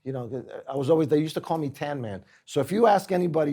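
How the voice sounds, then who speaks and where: Chef guy from puerto rico telling stories, animated, does the voices of people. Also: on the high side, fast talker. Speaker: guest chef. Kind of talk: casual storytelling on a podcast.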